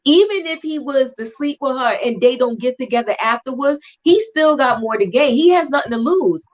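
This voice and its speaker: A woman co-hosting a casual chat about a TV show, talking in an animated, emphatic, slangy way. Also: sits high, normal speed. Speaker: podcast co-host. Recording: dull lo-fi recording.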